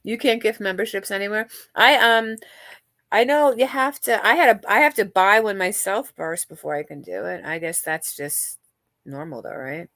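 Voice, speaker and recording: A woman's voice: mid-range voice, normal speed, pushed and bright, no echo, studio quality. A middle-aged woman hosting a livestream and chatting casually with viewers, rambling and candid, with many fillers and restarts. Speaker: livestream host. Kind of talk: casual chat with live chat viewers.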